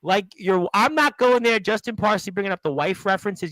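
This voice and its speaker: A man's voice: high-pitched, brisk, hardly any pauses, a bit bright, dry recording, rough recording. A man from Brooklyn hosting a casual live talk show, reading chat comments aloud with jokes. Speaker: host.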